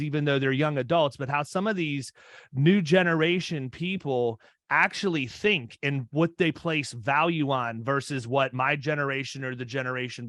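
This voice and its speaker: A man's voice: a little high, fairly bright tone, no echo, studio quality. A man in his fifties hosting a podcast interview, chatting casually and often restarting his sentences. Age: 50s. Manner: rambling, restarts mid-sentence. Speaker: podcast host.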